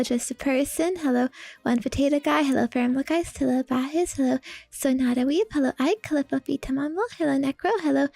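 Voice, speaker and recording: A woman's voice: high-pitched, darkish tone, no echo. A woman streaming a game, chatting casually in a playful, giggly, teasing way. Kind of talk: casual live-stream chat.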